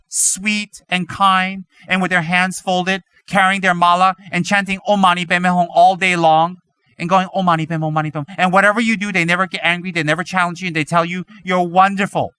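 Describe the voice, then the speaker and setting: A man delivers a dharma talk, an animated Buddhist teaching packed with rhetorical questions, occasionally imitating other people's voices. His voice sits high and smooth, with no echo.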